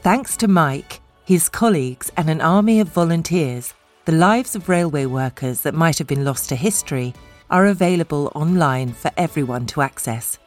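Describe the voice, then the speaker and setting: Deep-voiced woman narrating over music. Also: expressive. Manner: measured, polished delivery. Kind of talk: scripted narration.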